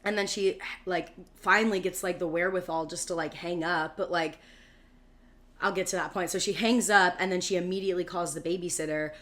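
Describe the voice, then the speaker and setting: A woman's voice: lowish voice, fairly even intonation, a little fast, fairly bright tone. A woman in her thirties co-hosting a podcast, telling a long story in casual chat with lots of "like" fillers and acted-out quotes. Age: 30s. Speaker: podcast co-host.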